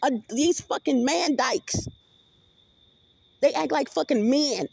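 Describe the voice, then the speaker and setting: A woman's voice: high-pitched, animated, takes it slowly, creaky, darkish tone, dry recording. A woman vlogger in a rambling, profane monologue with many restarts, recorded on a phone.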